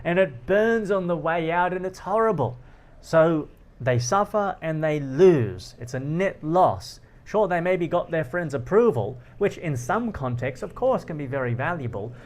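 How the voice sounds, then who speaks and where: Animated man explaining ideas with anecdotes. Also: a little high, unhurried. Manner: animated, laughs often, acts out quoted lines. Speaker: philosophy channel host. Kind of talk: explanatory monologue with personal anecdotes.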